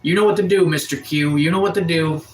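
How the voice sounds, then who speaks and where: A man from Atlantic Canada, nursing a cold, casually reads and answers chat comments on a livestream from his sunroom. His voice runs high and he talks fast, with soft music behind him and poor audio quality.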